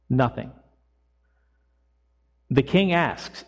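A man preaching a sermon as pastor, retelling a Bible story in a lively storytelling way and voicing its people casually. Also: mid-range voice, drawn-out words, pauses often. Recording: long echo of a church hall.

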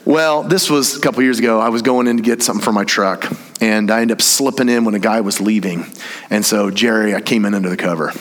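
A man's voice: lowish voice, fast talker. A man from Tennessee, preaching a sermon and telling a story with humor and acted-out voices. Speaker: pastor. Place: church. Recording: reverberant church hall.

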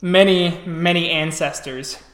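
Slow-paced storyteller man in an echoey room. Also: on the high side, steady tone, a bit bright. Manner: slow, descriptive narration with restarts. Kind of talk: narrating a tabletop game.

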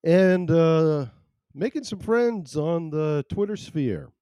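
A man's voice: fairly high pitch, lively intonation, slow pace, mellow, clear, resonant tone, no room sound. A man hosting a casual live podcast from home, rambling and self-deprecating as he chats. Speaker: podcast host. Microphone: headphones and desk mic.

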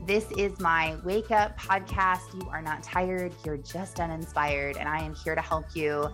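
A woman's voice: low-pitched, a little slow, roomy sound, faint music behind. A woman in her thirties hosting a motivational podcast, talking casually and animatedly and acting out her own thoughts. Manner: chatty, animated, acts out her own inner voice. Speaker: podcast host.

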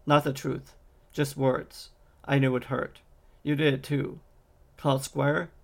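A man's voice: mid-range voice, flat delivery, slow, gravelly. A man voicing an anxious, apologetic young man in a fantasy audiobook, in his plain reading voice. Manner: plain reading voice, little change from narration.

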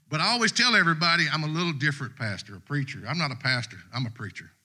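A middle-aged guest preacher speaks in a church sanctuary, giving a casual, folksy sermon to the congregation. His voice is a little high, a little fast, and sharp in tone, with a conversational Southern US dialect.

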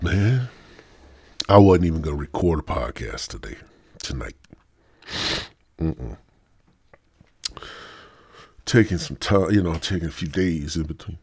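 A man's voice: extremely low pitch, big pitch swings, takes it slowly, pauses often, darkish tone, slightly rough, no echo. A man hosting a solo podcast, rambling and swearing with a stoned, sore-throated manner. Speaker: podcast host. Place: home studio.

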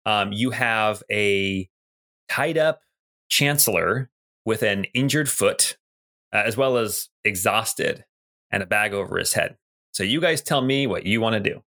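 A man narrating as game master of a tabletop role-playing game, relaxed, with frequent ums and restarts. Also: lowish voice, a little slow.

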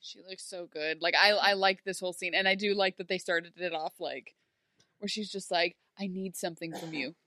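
A woman's voice: fairly low pitch, fairly even intonation, moderate pace, sharp tone, no echo. A woman co-hosting a podcast, chatting casually about a TV episode and playfully acting out the characters in silly voices. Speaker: podcast co-host. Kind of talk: casual chat recapping a TV episode.

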